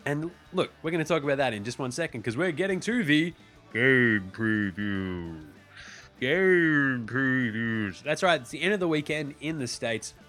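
An Australian man hosts a sports podcast in a loose, slangy monologue, cursing often. His voice sits at an ordinary pitch but swings up and down with lively energy. Faint guitar music plays behind him. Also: quick pace, few pauses. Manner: animated, swears freely, slangy. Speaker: podcast host.

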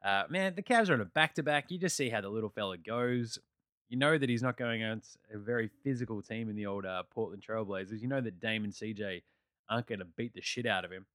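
A man's voice: on the low side, quick pace, fairly bright tone, no room sound, studio quality. An Australian man hosting a casual basketball recap, blunt, joking and full of swearing. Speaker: basketball podcast host.

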